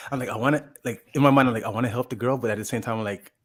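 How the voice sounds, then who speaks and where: A man co-hosting a podcast talks fast in a mid-range voice, casually spinning out a long, rambling story. It's packed with fillers like "like" and false starts, and he acts out the quotes.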